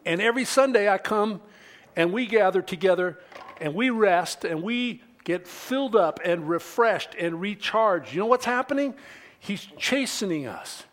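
A middle-aged male pastor preaching a sermon, deliberate and measured, dropping to near-whispers and then rising to emphatic peaks. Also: sits high, expressive. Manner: slow, deliberate preaching that swings from quiet to emphatic.

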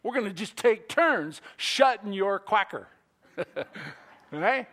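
A man delivers a sermon in a high voice that leaps around in pitch. He speaks at an unhurried pace, breaking into playful acted-out bits to drive his points home. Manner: animated, playful storytelling with acted-out quotes. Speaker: preacher.

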